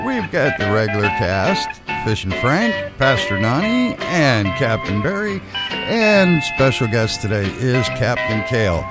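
A man hosting a casual fishing talk show, joking and animated. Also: mid-range voice, unhurried, over loud music. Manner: jokey, animated. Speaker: show host. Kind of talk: casual chat.

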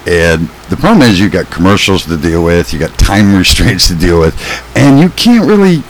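A man's voice: low voice, sing-song, normal speed, a little hiss or hum, low-quality recording. A man co-hosting a casual fishing podcast, rambling with restarts and frequent laughs. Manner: rambling, self-interrupting, laughs often. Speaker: podcast co-host.

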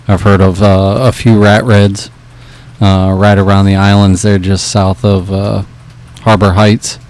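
Male fishing guide, deep and flat, steady plainspoken report delivery. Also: measured pace. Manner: matter-of-fact, steady.

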